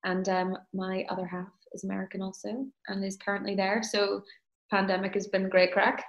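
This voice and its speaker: A woman's voice: medium pitch, monotone, moderate pace, lo-fi sound. A woman, an actor, chatting easily in an interview and laughing often. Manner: easygoing, laughs often, self-deprecating. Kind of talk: casual interview chat. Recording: roomy echo.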